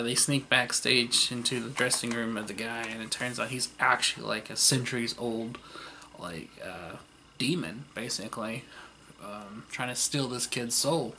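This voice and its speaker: A man's voice: mid-range voice, noisy background. A man casually retelling the plot of an old TV series in a rambling way, with lots of fillers and laughter. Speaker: vlogger.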